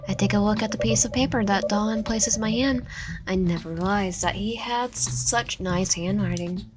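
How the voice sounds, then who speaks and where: A woman reading a visual novel aloud in first person, expressive, with stumbles and asides. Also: mid-range voice, normal speed. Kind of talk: dramatic game read-through with asides.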